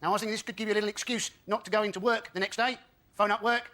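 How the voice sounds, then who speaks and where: A man performing a stand-up joke routine with deadpan delivery. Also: high voice, fast talker, a little hiss or hum. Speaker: comedian.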